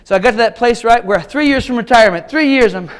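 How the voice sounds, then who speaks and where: A man in his fifties delivers a humorous keynote in a high voice. He tells wry, self-mocking stories in punchy short lines, the way a teacher holds a crowd. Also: fast, fairly bright tone, clean tone. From Kansas. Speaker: keynote speaker, art teacher.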